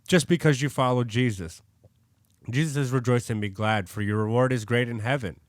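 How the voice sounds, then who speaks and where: A man's voice: medium pitch, fairly quick, no echo, studio quality. A man co-hosting a faith podcast, talking loosely and casually with lots of "like" fillers. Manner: loose and conversational, many "like" fillers. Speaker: podcast co-host. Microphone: studio podcast mic.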